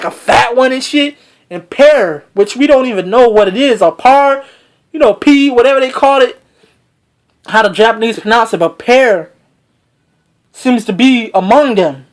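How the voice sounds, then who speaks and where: An excitable reviewer talks through a manga chapter in a loose, rambling way, full of slang and swearing. The sentences restart and trail off as the thoughts race ahead. The voice sits at an ordinary middle pitch. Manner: excitable, slangy and heavily profane; rambling with many fillers and restarts. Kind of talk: casual recap of a manga chapter.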